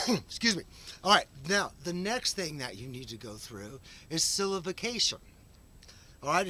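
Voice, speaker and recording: A man's voice: a little high, pushed and bright. A man talking in a rambling, unscripted monologue, full of restarts and fillers. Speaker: vlog host.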